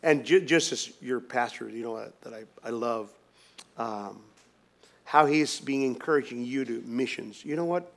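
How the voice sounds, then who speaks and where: A man preaching a sermon as pastor, swinging from hushed, quiet lines to loud, emphatic ones, with many restarts. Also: medium pitch, a little slow, vocal fry.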